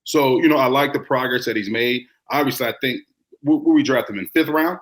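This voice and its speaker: A man who coaches high school football, talking in a relaxed, reflective way with many fillers on a sports podcast. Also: a little fast, slight background noise. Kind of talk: casual sports talk.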